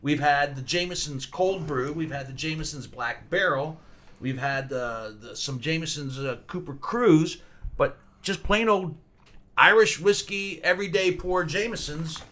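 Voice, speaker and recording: A man's voice: a little high, a little slow, pushed and bright. A man in his sixties hosting a podcast, chatting casually and telling rambling, self-deprecating stories. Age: 60s. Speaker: podcast host. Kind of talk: casual chat.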